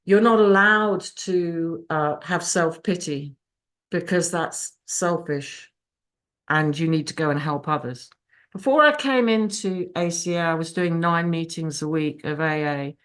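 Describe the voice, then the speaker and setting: A woman's voice: fairly low pitch, a little slow, a bit bright. A woman giving a raw, emotional personal testimony over a video call, swearing freely. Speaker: speaker sharing her recovery story. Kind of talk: personal testimony at a support meeting.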